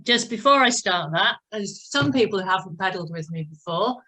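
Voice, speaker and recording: A woman instructor runs an online spin class over video, shouting time counts between bits of chatter. Her medium-pitched voice is expressive, bright and forceful, and a little fast. The recording quality is rough.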